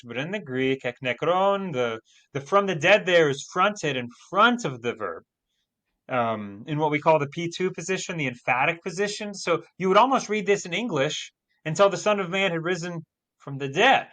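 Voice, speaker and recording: A man co-hosting a Bible lesson, explaining in a casual, animated way with emphatic stress. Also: a little high, normal speed. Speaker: Bible teacher co-host. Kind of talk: casual teaching discussion.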